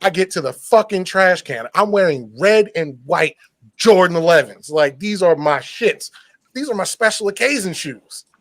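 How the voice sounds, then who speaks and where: Excitable, foul-mouthed man, dry sound. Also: sits high, normal speed, no room sound. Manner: profane, excitable storytelling. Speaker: streamer hosting a chat. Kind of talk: casual chat.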